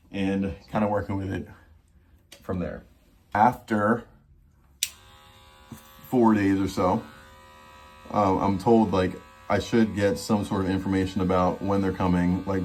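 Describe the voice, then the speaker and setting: A man's voice: sits low, darkish tone. A young man telling a casual storytime vlog, acting out both sides of his phone calls. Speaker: vlogger.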